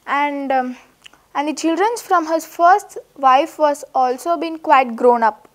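Woman teacher, high-pitched, halting lesson narration. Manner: hesitant, repeats and restarts while paraphrasing. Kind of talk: reading and explaining a story lesson.

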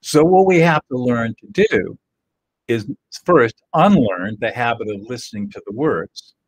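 A man's voice: medium pitch, animated, unhurried, no room sound, poor audio. An older man teaching emotional skills in a plain-spoken, confident, earnest way, speaking straight to his viewers. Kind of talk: direct-to-camera teaching talk.

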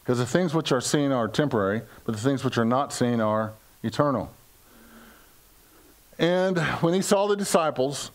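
An older American man preaching a conversational sermon to his congregation, joking, asking questions and acting out quoted lines in playful voices. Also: mid-range voice. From United States. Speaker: pastor. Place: church service before a congregation.

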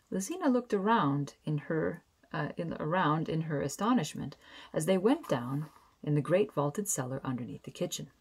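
A woman reading a fairy tale aloud as a bedtime story, gentle and expressive, slowing down for emphasis. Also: deep voice, husky.

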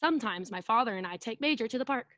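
A woman's voice: fairly high pitch, expressive, fast, a bit bright, no room sound. A woman preschool teacher reading a picture book aloud to children over a video call, playfully acting out sound effects and asking them to join in.

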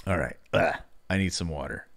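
Ending his stream at a moderate pace, a man chats casually and mocks himself, his low voice fairly bright with vocal fry and his throat a little strained. He reads out viewer messages in exaggerated put-on voices.

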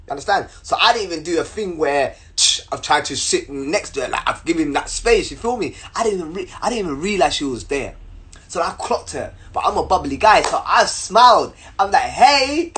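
A young man telling a story to camera in an animated, slangy way, repeating words as he goes. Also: a little high, a little fast. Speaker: vlogger.

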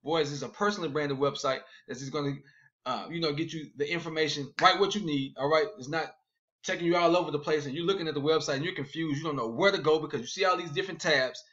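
Man, excited sales pitch, fast, "all right?" after every point, slightly high voice, lo-fi audio. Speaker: network marketing promoter. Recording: dull lo-fi video audio.

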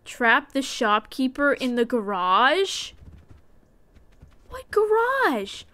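A woman with a high, bright voice streams a game and talks through it in playful, chatty commentary at an unhurried pace. She swings from sudden yelps to hushed whispers, and faint game music sits behind her. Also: sing-song. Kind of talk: casual gameplay commentary.

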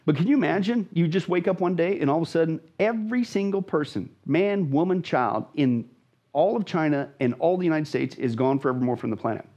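A man speaks as a pastor, his voice slightly high and husky. He teaches with dramatic emphasis, repeating phrases for stress. The recording sounds somewhat dull and lo-fi. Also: animated, a little fast, a little mellow. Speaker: pastor, guest. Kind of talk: animated Bible teaching in conversation.

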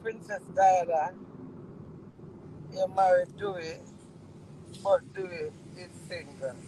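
Speaking slowly in a fairly low voice, a woman with a Jamaican accent rants angrily, swearing again and again. Background noise can be heard behind her heated, profane monologue.

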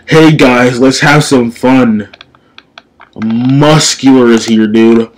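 Young dude reacting to manga, swears a lot, gets hyped, mid-pitched voice. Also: male voice, takes it slowly, a little hiss or hum. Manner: profane, excitable, says dude a lot. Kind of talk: casual reaction commentary.

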